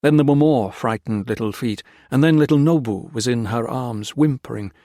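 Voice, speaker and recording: A man narrating a novel audiobook with steady, measured reading. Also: medium pitch, no echo, clean studio sound. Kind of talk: scripted narration.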